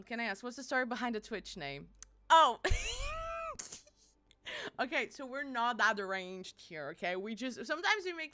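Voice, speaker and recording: A young woman streaming live, chatting casually and animatedly, laughing and apologizing a lot and squealing when excited. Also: a little high, clean tone.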